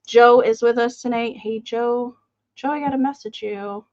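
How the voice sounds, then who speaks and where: A woman's voice: on the high side, fairly even intonation, moderate pace, darkish tone, no echo, lo-fi sound. A woman hosting a live online sale, chatting casually and greeting viewers by name. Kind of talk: casual live-stream chat.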